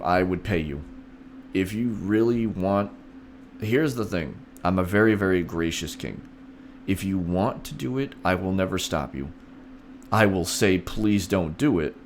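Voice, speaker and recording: Slight background noise accompanies a deep-voiced streamer who takes on the role of a king. His chat with viewers is theatrical and playful, aimed directly at them.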